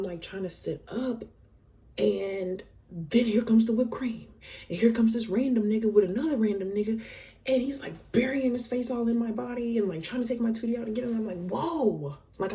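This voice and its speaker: A young woman telling a casual storytime vlog, slangy and animated, with fillers all through. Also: on the high side, far from the mic. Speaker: vlogger.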